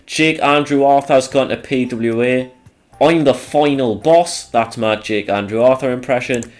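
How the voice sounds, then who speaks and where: Sarcastic guy with a lively voice. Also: medium pitch. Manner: sarcastic, rambling, swears freely. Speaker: channel host. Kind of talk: casual commentary over a wrestling sim game.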